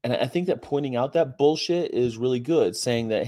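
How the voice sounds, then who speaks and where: Male streamer host, mid-pitched, chatty and profane, off the cuff. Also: normal speed, few pauses, warm tone. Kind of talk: casual livestream chat.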